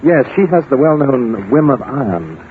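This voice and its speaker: A man's voice: medium pitch, sing-song, normal speed, slight background noise, close to an everyday voice. A man playing a flustered, fussy English aristocrat in a 1940s radio drama, blustering and chuckling. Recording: tinny old 1940s radio broadcast.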